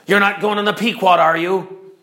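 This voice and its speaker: A man voicing a raspy-voiced sailor who warns strangers, in a classroom story retelling. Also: high voice, fairly even intonation, moderate pace, pushed and bright, voice pushed up. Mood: warning. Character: raspy-voiced male sailor giving warnings.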